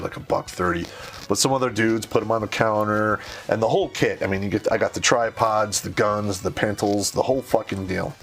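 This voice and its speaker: A lower-pitched man tells a war story in loose, swearing-heavy talk. He puts on the voices of the people he quotes, with faint music behind him. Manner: profane, animated, acts out quoted voices. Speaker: podcast host telling a war story. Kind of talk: casual storytelling.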